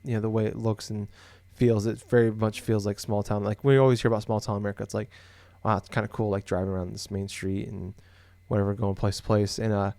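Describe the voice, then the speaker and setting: Podcast co-host, young man from Iowa, lowish voice, loose rambling delivery, dry close mic. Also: level tone, quick pace, creaky, few pauses, darkish tone, no echo. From Des Moines, Iowa. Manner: rambling, full of fillers and restarts. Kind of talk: casual chat.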